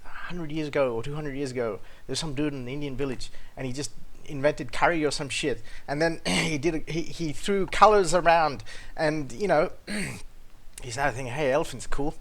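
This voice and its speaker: A man hosting a show, ranting bluntly and with plenty of swearing, swinging between loud outbursts and low muttering. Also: moderate pace. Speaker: podcast host. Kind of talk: casual ranting monologue.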